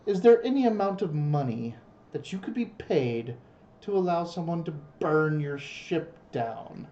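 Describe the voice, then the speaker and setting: A wry, teasing player at a tabletop role-playing game, asking pointed questions in character. The voice sits at a middle pitch. The audio is dull and lo-fi, like a home recording. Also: animated, a little slow, warm tone.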